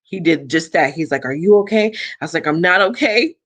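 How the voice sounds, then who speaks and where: A young adult woman, a guest, telling a personal story and acting out the dialogue with big jumps in pitch. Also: fairly quick, dry recording. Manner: animated, acts out quoted dialogue with big pitch swings.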